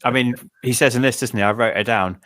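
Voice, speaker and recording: A man's voice: medium pitch, fast talker, fairly bright tone, no room sound. A man, a guest on a film podcast, making dry, wry jokes in casual chat. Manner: wry, dryly joking.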